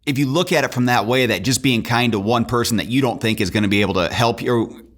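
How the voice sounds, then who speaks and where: A man's voice: medium pitch, quick pace. A man hosting a podcast who reflects on his guest's story and affirms it in a casual chat. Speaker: podcast host.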